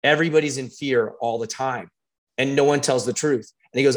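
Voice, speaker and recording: Animated man telling coaching stories. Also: medium pitch, fairly quick. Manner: animated storyteller, frequent fillers and restarts. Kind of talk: casual conversation.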